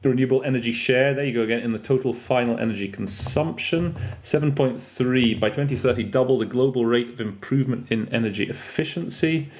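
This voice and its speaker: Speaking briskly with hardly any pauses, a man with a medium-pitched, darkish voice runs a podcast lesson on interpreting vocabulary. As an interpreter trainer living in France, he's chatty and corrects himself, mixing French and Russian terms into his speech.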